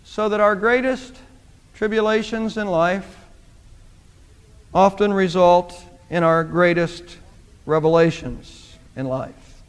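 A man's voice: sits high, slow pace, long pauses, clean tone. A man preaching a sermon, speaking emphatically and repeating phrases for emphasis. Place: church sanctuary. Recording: long church reverb.

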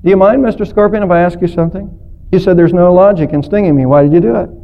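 A wary male turtle in a spoken fable, firing off incredulous questions, as a preacher puts him on. The voice sits fairly high, and the recording is muffled and lo-fi. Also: brisk. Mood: resigned. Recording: dull lo-fi recording.

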